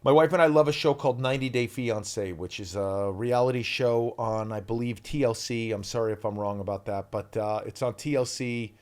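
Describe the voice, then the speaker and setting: A man's voice: mid-range voice, fairly quick, hardly any pauses. Talkative man in his fifties. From US East Coast. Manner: animated, rambling storyteller. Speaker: guest, actor. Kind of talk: casual podcast chat.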